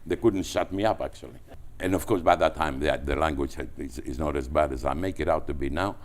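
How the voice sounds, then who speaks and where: A man from Greece with a Greek accent, telling business anecdotes as a guest, animated and full of restarts. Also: a bass voice, a little fast. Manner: animated, with frequent restarts and repetitions. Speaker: entrepreneur guest. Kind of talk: anecdotal storytelling.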